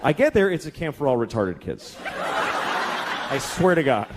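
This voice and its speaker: Speaking a little slowly in a medium pitch, a very animated middle-aged man performs stand-up at a comedy club, spinning profane, exasperated stories and doing voices. The audience laughs throughout this live club recording, which also picks up crowd noise.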